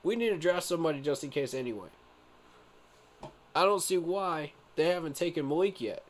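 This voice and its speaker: A man live-streams his reaction to a sports event, his voice on the high side, animated, and a little fast, with slight background noise. Emphatic and exasperated, he speaks straight to his viewers, calling them "y'all" and firing off rhetorical questions.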